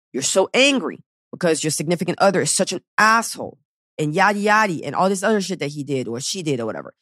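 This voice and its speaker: A woman's voice: on the low side, no room sound, clean studio sound. Blunt, swearing woman podcast host. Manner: blunt, profane and animated, acting out inner voices. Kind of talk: weight-loss coaching talk.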